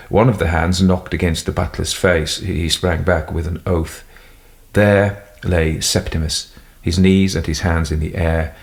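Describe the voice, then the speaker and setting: A man narrating a classic detective story in a measured storytelling manner. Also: low voice, vocal fry. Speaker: audiobook narrator. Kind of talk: scripted narration.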